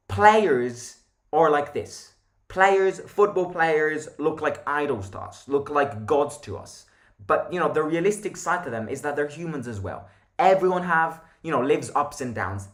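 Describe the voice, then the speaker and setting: A man's voice: a little high, expressive, a little slow, fairly bright tone. A young man hosting a football channel, giving a blunt, opinionated match reaction monologue.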